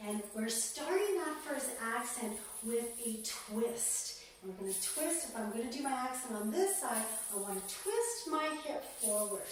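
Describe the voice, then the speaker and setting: A woman leads a belly dance class, counting beats calmly as she moves. Her voice sits a little high and she talks slowly. She is recorded from across a very echoey studio, with a faint hiss underneath. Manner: calm, counts out beats while demonstrating. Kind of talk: instructional dance lesson. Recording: echoey room, mic far off, faint noise.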